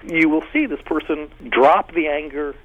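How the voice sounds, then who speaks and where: A man giving thoughtful, animated interview answers as a guest, talking in a discursive and emphatic way. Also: a little high, normal speed. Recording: tinny phone line.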